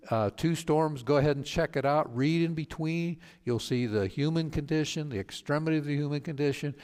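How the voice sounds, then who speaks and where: A man, a pastor, teaching a Bible study in a storytelling way, halting with fillers and restarts and acting out the people he quotes. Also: mid-range voice, a little mellow, big-room sound. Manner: acts out quoted speakers with voice changes.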